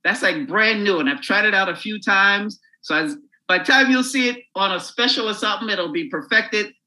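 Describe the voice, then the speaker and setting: A man, a comedian, telling a crude, animated story while chatting as a podcast guest. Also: high voice, normal speed, rough recording.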